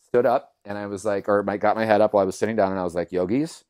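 A man, a yoga teacher, telling his own story in conversation, earnest and animated, acting out the voices he quotes and leaning on lots of fillers. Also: lowish voice, very fast, clear, resonant tone, no echo, studio quality.

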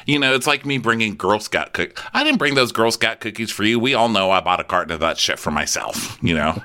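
A man's voice: a little fast, bright, forceful tone, clean tone. A man co-hosting a podcast, chatting casually and jokingly about a reality show, swearing and quoting people in mock voices. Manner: jokey, profane, slips into high mock voices when quoting. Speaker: podcast co-host. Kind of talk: casual recap chat.

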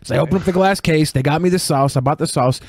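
A man's voice: fairly high pitch, quick pace, no echo, clean studio sound. A man co-hosting a podcast in casual chat, telling rambling stories with a wry edge. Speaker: podcast co-host.

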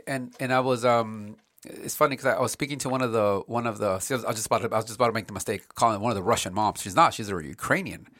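Fast-talking man in casual chat. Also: lowish voice, no room sound, studio quality. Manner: animated, acts out quotes in put-on voices. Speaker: podcast co-host.

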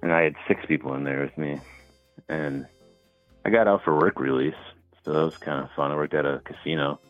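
Homem de voz muito grave ao telefone. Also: male voice, rumbling low, steady tone, a little fast, dry recording, soft background music. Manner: laid-back storytelling with filler words. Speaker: caller. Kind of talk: casual phone call. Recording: tinny phone line.

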